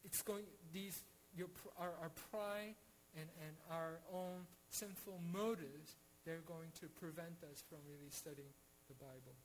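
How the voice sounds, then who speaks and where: A man's voice: a little high, steady tone, unhurried, a little hiss or hum, rough recording. A man teaching a Bible study in an earnest way, with frequent restarts and rhetorical questions.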